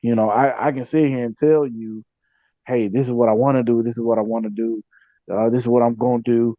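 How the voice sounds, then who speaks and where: A man recounts his community work as a podcast guest. He sounds dark and mellow and drifts easily, full of "you know" and restarts. The audio is dry and slightly dull. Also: medium pitch, fairly even intonation, a little fast, no room sound. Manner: conversational, many fillers and self-repeats. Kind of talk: casual storytelling interview.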